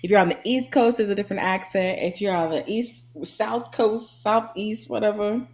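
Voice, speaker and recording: A woman's voice: medium pitch, normal speed, darkish tone. A woman co-hosting a podcast, chatting emphatically in casual conversation. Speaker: podcast co-host. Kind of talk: casual chat.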